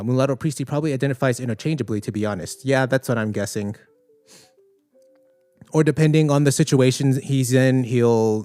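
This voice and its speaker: A man's voice: mid-range voice, smooth. A man hosting a livestream podcast, chatting casually and reading out viewer comments with many fillers. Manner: relaxed, conversational, thinks aloud with many fillers.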